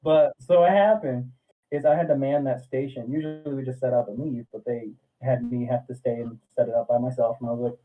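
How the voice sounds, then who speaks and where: A man's voice: medium pitch, a little fast. Swearing man telling a story over a tinny line. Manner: profane, animated storyteller acting out quotes. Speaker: podcast guest. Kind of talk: casual storytelling. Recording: distant, phone-like sound.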